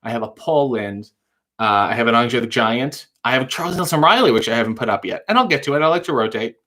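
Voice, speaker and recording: A man's voice: mid-range voice, lively intonation, fast talker, bright, forceful tone. Wry man hosting a late-night livestream. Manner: dry, wry quips answering viewer questions. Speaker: livestream talk show host reading viewer chat.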